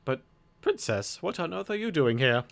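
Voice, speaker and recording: A man's voice: a little high, big pitch swings, moderate pace, vocal fry, fairly bright tone, voice pushed up, full character voice. A man voicing a stiff, dutiful male knight who stammers when flustered.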